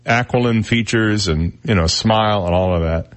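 Low-voiced joking radio host man. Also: normal speed. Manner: joking, chuckles at own jokes. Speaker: radio talk show host. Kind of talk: casual on-air chat. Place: radio studio. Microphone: studio microphone.

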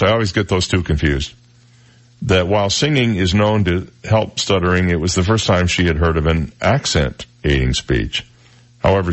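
An older man hosting a radio talk show, reading odd news stories and adding wry, joking asides. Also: deep voice. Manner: wry asides, reads stories then jokes about them. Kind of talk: casual news-of-the-day monologue.

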